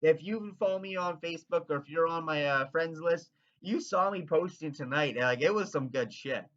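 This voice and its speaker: A man from Canada rambling in an excitable, profane, casual rant. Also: a little high, normal speed, muffled recording. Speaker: vlogger.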